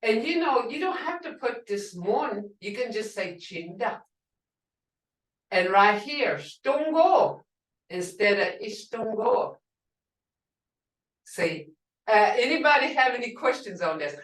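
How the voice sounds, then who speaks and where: Woman language teacher, slow and lively in pitch, echoey room off-mic. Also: far from the mic. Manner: slow, halting, explains with examples. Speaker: language instructor. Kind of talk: online language class. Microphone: video call.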